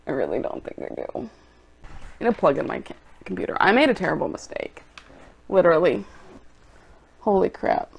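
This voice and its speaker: A young woman vlogger reacting to online film reviews, exasperated and ranting, turning loud and quick when annoyed. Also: fairly high pitch. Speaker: movie vlogger.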